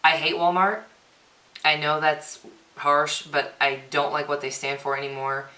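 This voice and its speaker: A woman's voice: low voice, level tone, measured pace, pushed and bright. A young woman vlogger chatting through a question-and-answer tag video, reading each question aloud and answering offhand. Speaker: beauty vlogger. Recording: echoey room.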